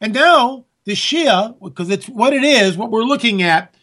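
A man's voice: very high-pitched, expressive, unhurried, bright, forceful tone. A man hosting a political talk radio show, ranting and sarcastic, talking straight to his listeners. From California.

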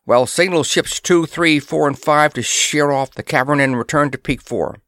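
A man's voice: on the high side, moderate pace, fairly bright tone, no room sound, studio quality, voice pushed up. A man voicing a clipped, decisive airship commander. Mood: commanding. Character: brisk male airship commander, decisive hero.

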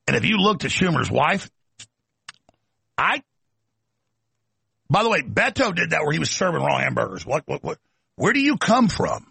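A man's voice: a little high, very animated, gravelly, sharp tone, breathy edge, dry recording. A man hosting a talk show, delivering an emphatic, mocking ranting monologue. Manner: emphatic, rapid-fire, mocking.

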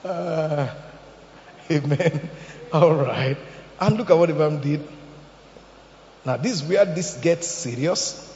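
A man preaching a sermon in an animated way, shouting out quotes and laughing along with the room. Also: on the high side, unhurried, a little hiss or hum. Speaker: pastor. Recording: echoey hall, dull lo-fi sound.

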